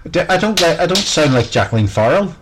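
A man's voice: a little high, sing-song, fast, noisy background. A man with a Belfast accent co-hosting a radio show, chatty and effusive, with lots of hesitant fillers. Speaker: radio host. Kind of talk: casual radio chat.

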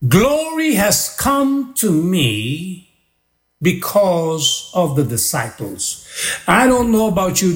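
A pastor preaching a sermon, building his points through repeated rhythmic phrases. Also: high-pitched.

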